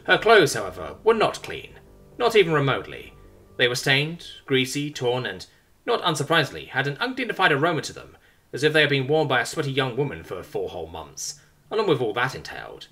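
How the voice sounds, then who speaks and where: Male sci-fi audiobook narrator, bright, wryly expressive. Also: mid-range voice, fairly quick, soft background music. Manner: expressive, wry storytelling.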